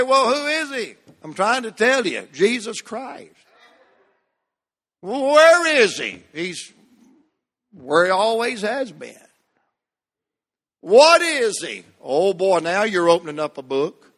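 A man preaching a sermon as pastor, slow and emphatic, drawing out key words. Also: high-pitched, fairly bright tone, long reverb tail. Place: church sanctuary.

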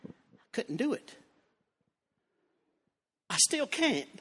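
High-voiced preacher, fervent. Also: male voice, sing-song, slow, slightly rough. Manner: builds from storytelling to shouting fervor. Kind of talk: revival sermon. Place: church sanctuary. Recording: long church reverb.

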